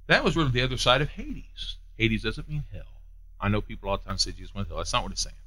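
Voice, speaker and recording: Male preacher, emphatic and repetitive, animated pitch swings. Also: fast, low-quality recording. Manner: emphatic, repeats phrases, swings between hushed and raised. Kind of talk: sermon.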